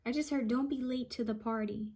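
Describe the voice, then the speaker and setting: A woman psychic medium reading out channeled messages, repeating each word she hears and pausing often with ums. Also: on the high side, steady tone, mellow. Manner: hesitant with frequent ums.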